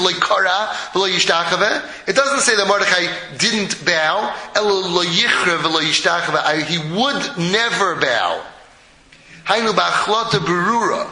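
A man with a high, piercing voice delivers a Purim Torah talk in an echoey room. He tells it with animated drama and slips Hebrew and Yiddish phrases into his English. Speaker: Torah teacher.

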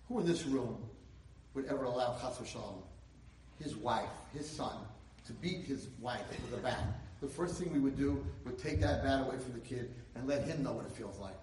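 A man giving an inspirational Torah lecture, telling a story and building to loud, emphatic peaks. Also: mid-range voice, moderate pace, recorded from a distance, a little hiss or hum. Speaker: rabbi lecturer. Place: lecture hall. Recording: echoey hall, speaker away from mic.

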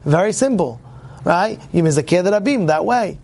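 A man's voice: sits high, animated, normal speed, gravelly, darkish tone. A man teaching a religious class to his congregation, emphatic, repeating himself and asking rhetorical questions.

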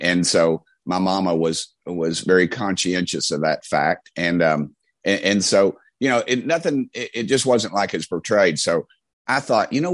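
A man's voice: low-pitched, no room sound. A middle-aged man with an East Tennessee Southern accent, telling folksy stories in a rambling interview style. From Knoxville, Tennessee. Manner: rambling, folksy, many restarts. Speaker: congressman guest. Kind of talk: casual storytelling interview.

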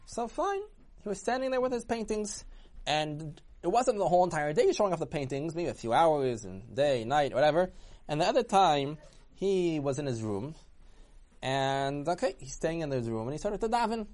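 A man telling a story in a casual, talky way, with lively swoops in his voice. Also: normal speed. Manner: animated, swooping pitch, talky.

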